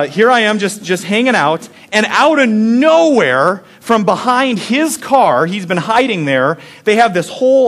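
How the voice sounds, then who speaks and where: A man preaching with an animated storytelling manner, dropping low and soft for his reflective points. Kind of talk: sermon storytelling.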